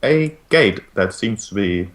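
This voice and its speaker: A man narrates a tabletop game as its game master, in a low voice. He often restarts his sentences with repeated words. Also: expressive, slow.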